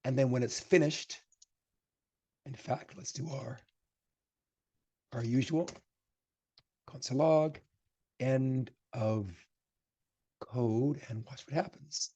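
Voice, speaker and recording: A man leads a programming lecture, coding live and talking through each step as he types. His voice is husky and mellow, at an ordinary middle pitch. He grows emphatic when he hands out advice. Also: slow, pauses often. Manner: chatty, thinks aloud while typing code. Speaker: programming instructor.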